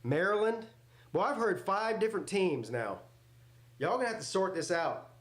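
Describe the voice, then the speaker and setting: A man's voice: high voice, animated, moderate pace, reverberant. A man hosting a live football reaction stream. He jokes, swears freely and answers his chat. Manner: loud, joking, swears freely, talks back to chat. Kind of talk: casual live reaction commentary.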